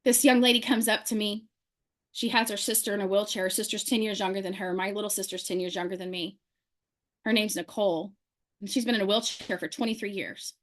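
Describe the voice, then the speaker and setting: A woman telling an animated story to a group, acting out the people she quotes. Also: medium pitch, fairly quick. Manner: lively, acts out quoted people in her story. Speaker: speaker sharing a testimonial.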